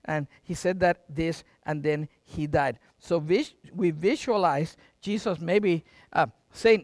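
A middle-aged man pastor preaching a sermon, with dramatic swings between loud and quiet and folksy asides to the congregation. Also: on the high side, a little slow, few pauses, no room sound, clean studio sound.

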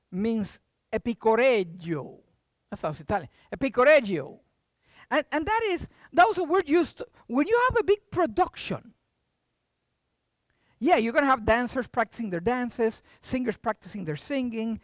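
An older preacher delivers a sermon with a very lively, swinging delivery. Quiet asides turn into loud, rising bursts. The sound is close and dry, with no room echo. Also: medium pitch. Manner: animated, jumps from hushed to loud.

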